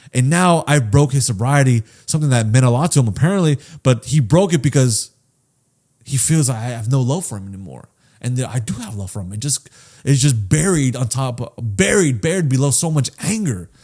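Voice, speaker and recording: Podcast host, male, relaxed warm tone, earnest and reflective, swears freely, trails off and restarts. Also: mid-range voice. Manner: candid and reflective. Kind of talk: casual podcast chat.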